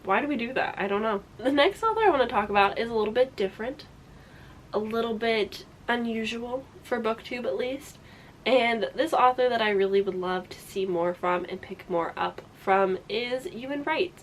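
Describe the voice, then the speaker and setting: A woman's voice: on the high side, moderate pace, slight background noise. A young adult woman chatting casually to camera as a book vlogger, rambling, restarting and laughing as she goes. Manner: chatty, self-interrupting, frequent laughs.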